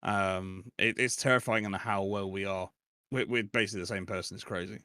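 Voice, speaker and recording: A man's voice: lowish voice, steady tone, brisk, pushed and bright, no room sound, clean studio sound. A man in his forties, chatting casually and laughing often as a podcast guest. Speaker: guest streamer.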